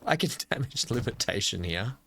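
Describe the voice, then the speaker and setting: A man's voice: lowish voice, expressive, moderate pace, vocal fry, bright, forceful tone, a little hiss or hum. An Australian man hosting a casual gameplay commentary, chatty and jokey, talking to himself as he plays. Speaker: gaming channel host.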